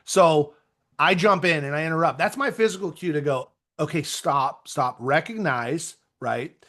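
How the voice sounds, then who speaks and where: A man coaching real estate agents in an energetic, conversational motivational talk with self-deprecating asides. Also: fairly high pitch, moderate pace.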